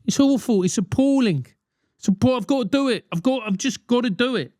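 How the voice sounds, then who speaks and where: A man's voice: extremely high pitch, lively intonation, brisk, a little mellow, dry recording, studio quality. A man in his forties hosting a solo podcast, ranting animatedly with swearing and mock voices. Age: 40s. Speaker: podcast host.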